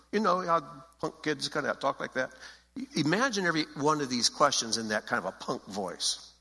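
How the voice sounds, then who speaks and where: Man, pastor, sermon, bright forceful voice, emphatic, repetitive phrasing. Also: mid-range voice, lively intonation, moderate pace, slightly rough, in a large hall, low-quality recording. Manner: emphatic, repetitive, conversational preaching.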